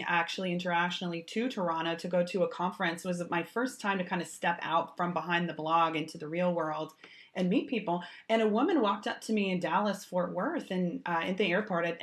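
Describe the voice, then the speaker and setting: A woman in her thirties hosts a podcast in an easy, conversational way, sometimes restarting her sentences. Her voice sits a touch low for a woman. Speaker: podcast host. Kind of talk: podcast interview hosting.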